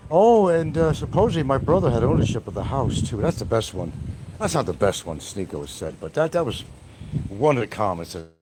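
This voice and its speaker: A man's voice: mid-range voice, sing-song, fairly quick, a little mellow. A man hosting a livestream, rambling in a brash, taunting, trash-talking way. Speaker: livestream host.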